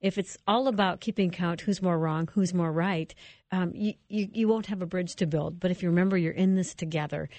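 Woman radio host, lowish voice, dry studio sound, affirming and moves things along. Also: steady tone, no echo. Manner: warm affirming, brisk when moving on. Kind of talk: radio talk interview.

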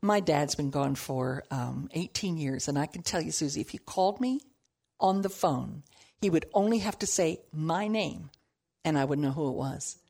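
A woman teaching a Bible passage in an animated storytelling way, with humorous asides. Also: low-pitched, moderate pace, vocal fry, husky.

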